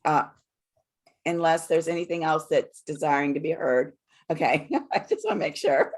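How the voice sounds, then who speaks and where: A woman hosting a spiritual group on a video call, soft-spoken and reassuring. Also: sits low, fairly even intonation, normal speed. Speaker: host of a spiritual group session. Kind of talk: calm group facilitation.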